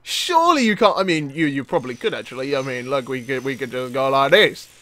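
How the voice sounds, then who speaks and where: A young man giving live gameplay commentary, excitable and yelping and laughing as things go wrong. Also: medium pitch, quick pace. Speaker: gaming channel host.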